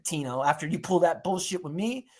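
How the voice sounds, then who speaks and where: Animated swearing podcast co-host man. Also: on the high side, fairly quick. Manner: animated storyteller, acts out quotes, swears a lot. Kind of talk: casual chat.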